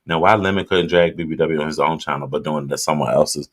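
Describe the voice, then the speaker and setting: Deep-voiced man chatting on a livestream. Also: quick pace. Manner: loose, chatty, talks straight to viewers. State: drinking while streaming. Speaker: livestream host reading viewer comments. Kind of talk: casual live chat.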